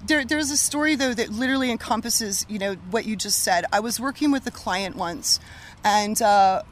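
A woman working as a medium, telling stories in an animated, casual conversation with frequent laughter. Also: on the high side, moderate pace.

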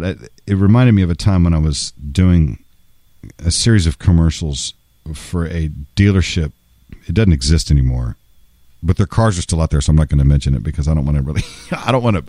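A man's voice: sits low, a little mellow, no echo, clean studio sound. A male voice-over artist telling a casual story in a wry, conversational way, with some salty language.

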